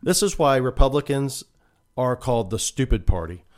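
A man's voice: medium pitch, lively intonation, moderate pace, darkish tone. A man hosting a commentary podcast, reading news stories aloud and breaking off into sarcastic, mock-emotional asides. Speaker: podcast host. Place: Florida.

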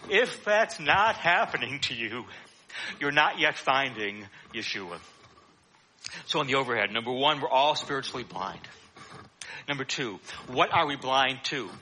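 A man's voice: mid-range voice, animated, unhurried, bright, forceful tone, slight background noise. A man preaching a sermon in a conversational teaching manner, with frequent "uh" fillers.

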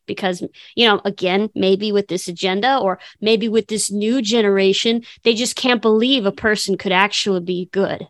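A woman co-hosting a casual film podcast, talking in an animated way and acting out quotes in voices. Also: mid-range voice, normal speed, few pauses, dry recording, studio quality. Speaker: podcast co-host. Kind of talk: casual chat about films.

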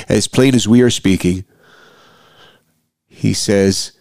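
A middle-aged man hosting a personal podcast, talking in an earnest, halting way with frequent restarts. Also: fairly low pitch, gravelly, darkish tone, no echo, clean studio sound. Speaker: podcast host.

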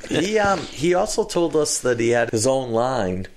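A man's voice: mid-range voice, very animated, measured pace, slight background noise. A man co-hosting a casual podcast chat, telling a rambling story and circling back to it. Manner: rambling storyteller, repeats himself. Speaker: podcast co-host.

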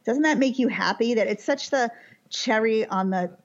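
A woman, a mother, telling a chaotic family story in casual chat, animated and dramatic, acting out the shouting. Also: a little high, moderate pace, dull audio.

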